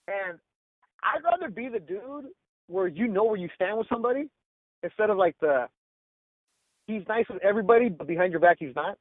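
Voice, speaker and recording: A male sports reporter telling stories in a casual interview, animated and full of "like" and "bro", acting out quotes. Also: high voice, no room sound, phone-quality sound. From Los Angeles. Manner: animated, acts out quotes, says "like" and "bro" often.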